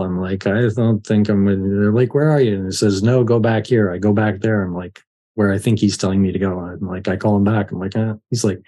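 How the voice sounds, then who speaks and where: A man guest on a podcast, telling a personal story in a lively way and acting out his own fear with laughs. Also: fairly low pitch, breathy edge. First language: English. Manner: animated, laughs while telling, acts out his own panic. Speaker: life coach, podcast guest. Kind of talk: conversational storytelling.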